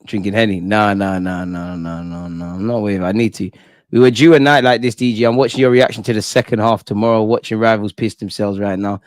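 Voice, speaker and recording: A man's voice: on the low side, fairly quick, no echo. Brief: young male host, fired-up live reaction rant, slang and swearing, dry close sound. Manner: excitable, slangy, swears, reads chat aloud. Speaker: football fan channel host. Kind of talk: live post-match reaction stream.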